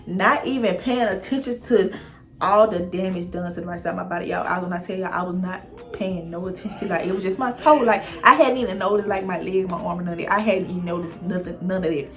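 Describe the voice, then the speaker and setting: Animated young woman telling a storytime. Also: fairly low pitch, fairly quick, faint music behind. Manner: animated, profane, addresses viewers directly. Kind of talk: casual storytime monologue.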